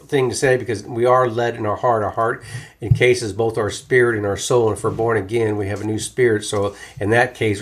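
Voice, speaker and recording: A man teaching from the Bible in a relaxed, conversational way, often restarting his sentences with fillers. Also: medium pitch.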